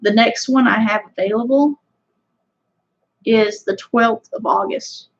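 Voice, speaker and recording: Rambly country-accent woman chatting on a livestream, fairly high voice, kinda muffled audio. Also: unhurried. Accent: Southern US country. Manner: rambling, chatty, lots of fillers. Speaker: fishing channel host. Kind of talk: casual livestream chat with viewers.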